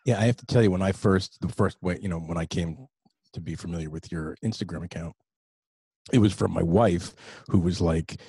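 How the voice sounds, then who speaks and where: A male podcast host in his forties with a very deep, husky voice. He asks enthusiastic questions that ramble. The sound is dry and close, with no room echo. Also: fairly quick, warm tone. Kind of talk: casual interview chat.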